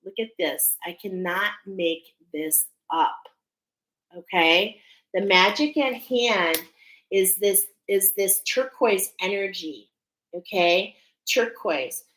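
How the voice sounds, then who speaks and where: A woman's voice: medium pitch, takes it slowly, fairly bright tone, echoey room, poor audio. A woman giving a spiritual oracle card reading to her viewers, earnest and emphatic, often checking in with "okay?".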